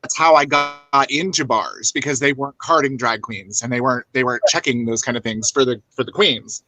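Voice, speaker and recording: A man's voice: medium pitch, a little fast, music in the background, low-quality recording. A man speaking as a guest drag performer on a video call, encouraging and rambling, with many restarts. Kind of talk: casual chat.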